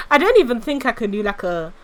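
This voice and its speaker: A young British woman with a fairly high voice chats casually on a live stream. Her talk is giggly and loose, and she keeps answering her chat. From Britain. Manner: chatty, giggly, reads chat aloud.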